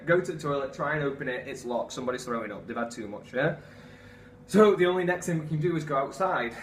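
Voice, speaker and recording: A young man telling a comic story in an animated, profane, self-mocking way. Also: fairly high pitch, slight background noise. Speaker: vlogger. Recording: echoey room, far from mic, faint ambience.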